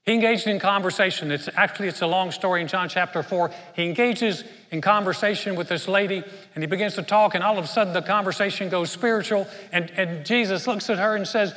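A man's voice: high-pitched, fast talker, hardly any pauses, sharp tone, long reverb tail. A man preaching a sermon, telling a story in a conversational way with frequent restarts and repeated words. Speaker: pastor.

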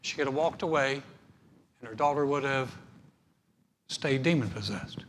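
A male pastor preaching a sermon in a church hall, animated, acting out little scenes as he teaches. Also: mid-range voice, moderate pace. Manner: animated, acts out dialogue. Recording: echoey hall, faint noise.

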